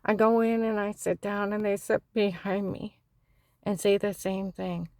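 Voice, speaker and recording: A woman's voice: medium pitch, fairly even intonation, measured pace, darkish tone, dry recording. A woman giving a rambling, fragmented personal testimony.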